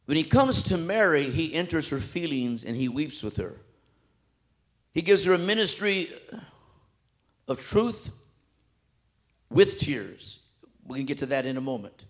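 A man preaching a sermon with passion, swinging between loud emphatic peaks and hushed soft passages, in colloquial everyday speech. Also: a little high, animated, unhurried, long pauses. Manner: colloquial, with repetitions and restarts.

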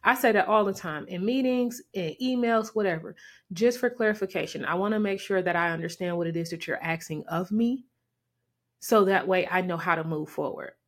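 A woman hosting a podcast and giving relationship advice in a casual, lively, emphatic way, with pointed repetition and sudden rises in pitch. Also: a little fast.

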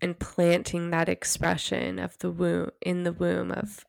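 A woman hosting a solo podcast, talking gently and guiding listeners through a practice, sometimes dropping to a hush. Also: lowish voice, completely flat delivery, vocal fry, clear, resonant tone, dry recording, clean studio sound. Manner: soft, gentle, unhurried guidance; drops to a hushed near-whisper when demonstrating. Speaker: podcast host.

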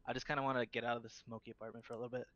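Quick bright-voiced young man, dull dry mic. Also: medium pitch, little pitch movement. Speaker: friend in voice chat. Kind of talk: casual chat.

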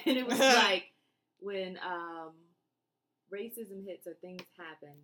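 A woman's voice: mid-range voice, slow, a little hiss or hum. A woman, co-hosting a casual podcast chat and acting out quotes as she tells stories. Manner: animated storyteller, acts out quotes. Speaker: podcast co-host.

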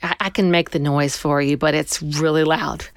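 A woman's voice: deep voice, normal speed, clean tone, dry recording, studio quality. A woman animatedly telling a personal story in conversation, acting out what people said. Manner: animated, acts out people's lines. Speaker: guest storyteller.

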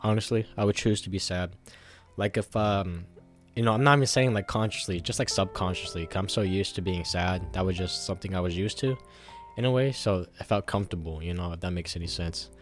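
A man's voice: low-pitched, brisk, soft background music. A man telling a casual, rambling story to the camera, full of fillers and swearing.

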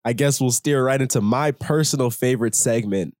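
A man's voice: medium pitch, fairly quick, a little mellow, no echo, studio quality. A man co-hosting a podcast, bantering casually and teasing his partner in a playful way. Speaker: podcast co-host. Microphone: studio microphone.

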